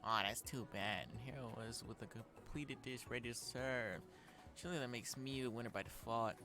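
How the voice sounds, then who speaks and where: A man's voice: mid-range voice, normal speed, music in the background, lightly acted. Brief: smug sweet rival chef woman, read by a man, sugary tone.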